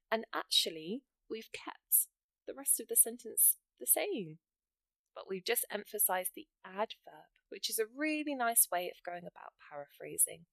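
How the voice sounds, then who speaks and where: Speaking in a mid-range voice with vocal fry and a fairly bright tone, a woman explains writing exam grammar; there's no room sound. Her approach is encouraging as she takes learners through example sentences step by step in an English writing lesson.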